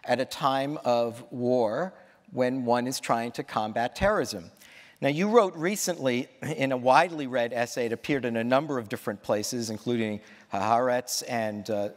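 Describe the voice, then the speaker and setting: Man interviewing on stage, hall echo. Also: mid-range voice. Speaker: interviewer, moderator. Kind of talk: onstage interview questions. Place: large auditorium on stage.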